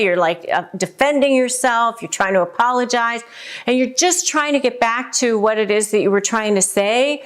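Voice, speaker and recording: A woman's voice: a little high, unhurried, fairly bright tone, clear, resonant tone. A woman hosting a casual advice video who talks to camera in a conversational way, with many fillers. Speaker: host giving relationship advice.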